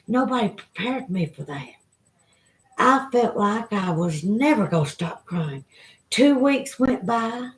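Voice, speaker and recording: A woman's voice: mid-range voice, a little mellow, poor audio. A woman with a Southern US accent chatting with viewers on a live stream, emotional and rambling. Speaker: vlogger. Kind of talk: casual live-stream chat.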